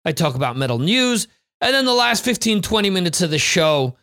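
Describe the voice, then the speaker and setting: A man's voice: high-pitched, sing-song, brisk, bright, forceful tone, dry recording, studio quality. A man hosting a podcast in a chatty, rambling way. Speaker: podcast host. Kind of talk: casual podcast chat.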